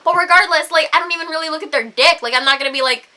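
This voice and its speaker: A woman's voice: sits high, rapid-fire, bright, forceful tone. A young woman vlogger ranting to camera, heated, swearing a lot and saying "like" constantly.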